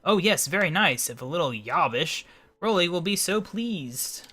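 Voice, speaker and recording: A man's voice: fairly high pitch, lively intonation, moderate pace, pushed and bright, husky, pitched above the performer's own voice, heavily acted. A man voicing a snobbish, bossy queen who talks about herself as "one". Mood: gushing, imperious. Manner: pompous, calls herself "one". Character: haughty snobbish queen, bossy to her husband.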